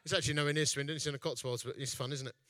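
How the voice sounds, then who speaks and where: A man's voice: medium pitch, fairly even intonation, racing, sharp tone, no room sound. A man preaching in a chatty, jokey storytelling way. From East London, England. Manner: jokey, chatty, self-mocking. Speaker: evangelist speaker, festival founder. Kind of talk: storytelling sermon.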